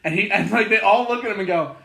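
A man's voice: high voice, fast talker, vocal fry, echoey room. A man co-hosting a casual podcast, retelling a comedy show with lots of fillers and restarts. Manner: animated storyteller, many fillers and restarts. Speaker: podcast co-host.

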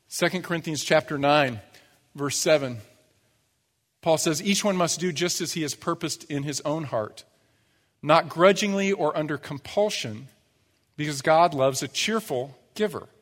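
A man's voice: fairly high pitch, a little slow, big-room sound. A man preaching a sermon as pastor, conversational, with rhetorical asides and playful acted-out quotes. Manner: acts out little quoted voices for humor. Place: church sanctuary.

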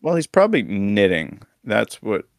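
A man's voice: fairly low pitch, big pitch swings, normal speed, dry recording, clean studio sound. A man co-hosting a casual podcast, recapping league results with teasing, crude jokes. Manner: joking, teasing, crude humor. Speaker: podcast co-host.

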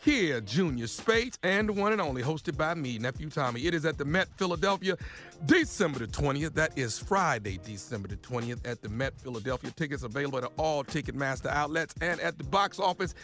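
A high, animated male voice with a bright edge, cracking jokes and hyping a comedy show on air. His delivery is playful and sing-song. He speaks into a studio mic over faint music. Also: a little fast. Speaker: radio show regular. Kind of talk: comedic radio banter and promos.

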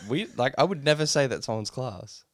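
A man's voice: medium pitch, lively intonation, brisk, a bit bright, dry recording, clean studio sound. A man co-hosting a podcast in casual chat, agreeable, chiming in often and laughing while explaining himself. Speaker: podcast co-host.

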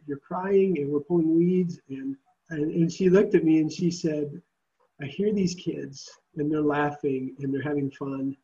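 Mellow, earnest man with muffled sound. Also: on the high side. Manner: earnest, reflective. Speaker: Christian summer camp leader. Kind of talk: podcast interview.

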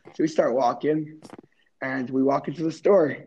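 A man's voice: medium pitch, fairly even intonation, normal speed, dark tone, husky, muffled recording. A man, a podcast guest, telling a story in a casual, rambling way with many "like" fillers. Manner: rambling, heavy use of "like".

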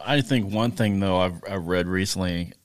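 A man's voice: low voice, moderate pace, dry recording. A man from Kansas co-hosting a podcast, blunt and casually profane as he tells stories. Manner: blunt, swears casually, storytelling. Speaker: podcast co-host. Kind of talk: casual chat.

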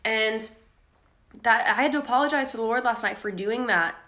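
Young woman, podcast co-host, bright voice, animated storytelling, echoey room. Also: fairly high pitch, moderate pace. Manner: candid, animated storytelling with laughs. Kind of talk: casual faith podcast chat.

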